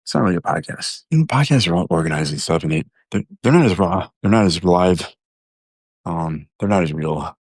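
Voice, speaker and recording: Joking and chatting directly with his audience, a very deep-voiced man hosts a loose, rambling live stream full of fillers and restarts. His intonation is lively, his pace a little fast, and his voice slightly rough. The recording is dry and close, without echo.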